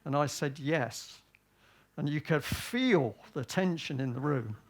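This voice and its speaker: Guy from britain giving a talk to a crowd, voice a bit on the high side, fires off questions then answers them himself. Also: expressive, slow. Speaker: speaker at a public event. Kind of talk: public talk.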